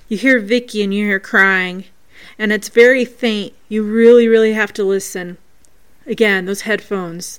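A woman with a clean-toned, mid-range voice hosts a paranormal show. She earnestly reads out a listener's ghost recording and breaks down each sound step by step.

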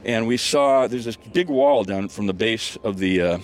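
A man's voice: fairly low pitch, normal speed. An older man telling a rambling story while walking outdoors on a hillside, full of fillers and restarts. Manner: rambling, many restarts and fillers, laughs often. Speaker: guest storyteller. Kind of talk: casual storytelling on a walk.

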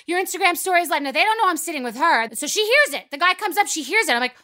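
Brash, bright-voiced woman host. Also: high voice. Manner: brash, profane, fast-talking storyteller. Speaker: podcast host. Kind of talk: animated storytelling and interview.

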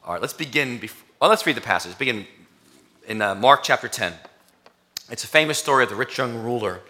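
Man, pastor, sermon, bright tone, conversational then emphatic preaching. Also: medium pitch, animated, fairly quick. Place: church sanctuary.

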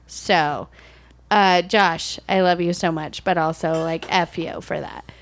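A woman chatting casually on a podcast, telling lively, giggly stories over drinks. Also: on the low side, slow pace. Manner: giggly, animated storyteller. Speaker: podcast guest. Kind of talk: casual drinking-show banter.

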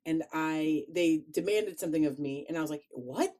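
A woman with a Chicago accent, chatting casually as a podcast co-host, animated and quick to laugh. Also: low voice. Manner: animated, laughs often, playful. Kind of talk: casual chat.

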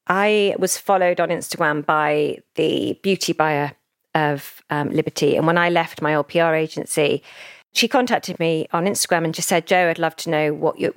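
A woman, a founder telling her story in a casual interview, animated and emotional, acting out what others said. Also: deep voice, gravelly, dry recording, studio quality. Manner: animated, emotional storyteller who acts out quoted speech. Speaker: founder of a children's brand, podcast guest.

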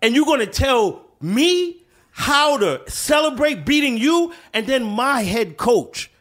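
Animated, profane podcast co-host, man. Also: very high voice, slow. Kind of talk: casual podcast chat.

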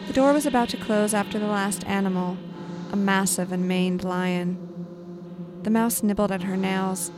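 A woman host reading a short story aloud in clear, scripted narration. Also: mid-range voice, steady tone, measured pace, background noise.

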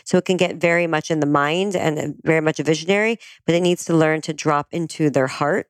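A woman explaining astrology in a calm, conversational way, often agreeing with her guest. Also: low voice, fairly quick, no room sound.

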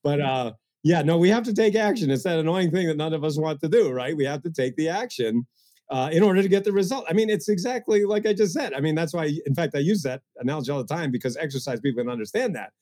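A man speaking as a guest coach in an interview, energetic and getting worked up, with mocking asides. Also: on the high side, fast talker. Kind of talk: animated interview talk.

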